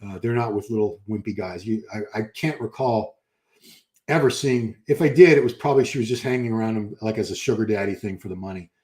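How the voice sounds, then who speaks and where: A man's voice: fairly low pitch, a little fast, darkish tone. An older man, chatting casually on a live stream and answering comments, rambling and correcting himself as he goes.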